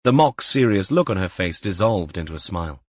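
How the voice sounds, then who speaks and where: A man narrating a crime audiobook in a measured, even way. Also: sits low, no echo. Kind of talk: scripted narration.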